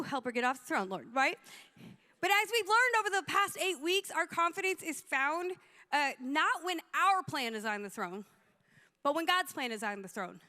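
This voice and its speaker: A woman pastor telling funny stories in a sermon, animated and acting out the people she quotes. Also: high-pitched. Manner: animated, comic, acts out quotes. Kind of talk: storytelling sermon.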